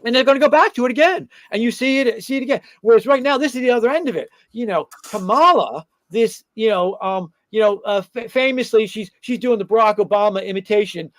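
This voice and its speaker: Middle-aged male talk host, high voice, rambling combative commentary, lots of filler. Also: a little fast, few pauses, no room sound.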